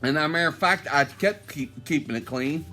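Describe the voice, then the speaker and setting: A man's voice: a little high, a little fast, over music. A man walking through his home while filming, talking in a rambling, conversational way and repeating himself. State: short of breath at times. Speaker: homeowner vlogger. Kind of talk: casual walkthrough video. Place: inside his house and outside in the yard.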